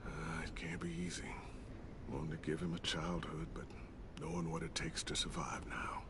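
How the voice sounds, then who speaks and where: A man playing a weary, gentle man who speaks softly as a memory, in a video game scene with ambient noise. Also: very deep voice, flat delivery, normal speed, in a whisper. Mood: tender.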